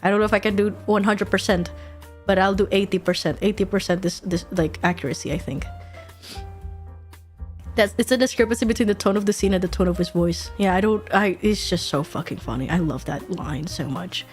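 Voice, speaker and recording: A young woman streaming, chatting casually and excitedly, laughing often and swearing freely. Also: medium pitch, a little fast, faint music behind. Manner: giggly, excitable, swears casually, repeats quotes.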